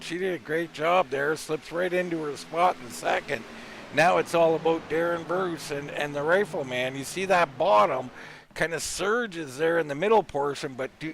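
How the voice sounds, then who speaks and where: Man, race commentator, gravelly voice, slightly high pitch, energetic, quick name listing. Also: a little hiss or hum. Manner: energetic, rattles off names quickly. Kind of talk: live sim racing commentary.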